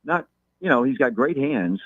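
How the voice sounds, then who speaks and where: A man's voice: medium pitch, animated, no echo. Man on a tinny phone line. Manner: measured, repeats words when thinking. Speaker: guest talking local high school football. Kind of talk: phone-in interview.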